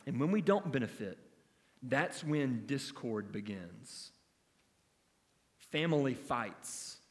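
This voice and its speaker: A man's voice: medium pitch, lively intonation, slow pace, big-room sound. A man preaching an expository sermon in an earnest, emphatic teaching manner, asking his listeners rhetorical questions. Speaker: pastor.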